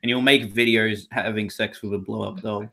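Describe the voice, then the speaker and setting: A man's voice: fairly low pitch, steady tone, normal speed, creaky, a bit bright, a little hiss or hum. Rambling young Australian man. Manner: rambling, many fillers and restarts. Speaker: podcast co-host. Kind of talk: casual chat.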